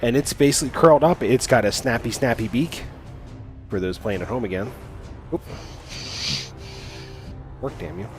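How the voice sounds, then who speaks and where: A man's voice: medium pitch, animated, normal speed, long pauses, music in the background. Casual man running a tabletop game. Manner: casual, hesitant with many fillers. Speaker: dungeon master.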